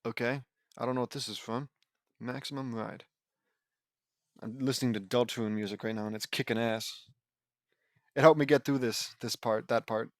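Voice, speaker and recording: A man's voice: medium pitch, fairly even intonation, moderate pace, long pauses, no echo. A man reading his own fan fiction aloud as a casual audiobook, breaking off for joking, sarcastic asides into a close home microphone. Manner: joking, sarcastic asides between read lines. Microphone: close home mic.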